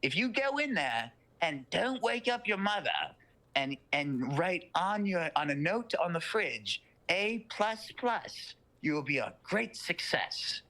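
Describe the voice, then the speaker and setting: A man's voice: sits high, very animated, slow, pushed and bright, voice pushed up, exaggerated voice. A young man voicing an old Southern male devil with a courtly, folksy drawl. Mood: sly. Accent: American Southern. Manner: folksy, polite, sly drawl.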